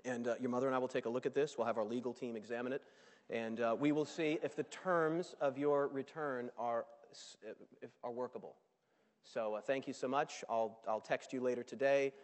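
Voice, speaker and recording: A formal, businesslike middle-aged father who brushes his son off like a contract matter, as a preacher puts him on. The voice sits low, level and cool. Long hall reverb follows each phrase. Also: fairly even intonation, a little fast, lightly acted. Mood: dismissive.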